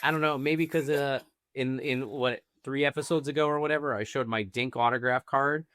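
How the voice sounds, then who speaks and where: A man's voice: mid-range voice, steady tone, moderate pace, a bit bright, no echo, clean studio sound. A man co-hosting a podcast, telling a rambling anecdote full of likes and I-don't-knows. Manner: rambling storyteller, lots of like and I don't know. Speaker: podcast co-host. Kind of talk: casual chat.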